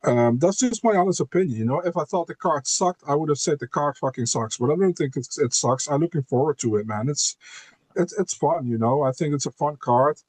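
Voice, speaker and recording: A man's voice: a little high, a little fast, darkish tone, dry recording. Laid-back man chatting on a podcast. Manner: laid-back, repeats words, lots of "you know" and "man". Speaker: podcast guest, MMA co-host. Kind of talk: casual podcast chat.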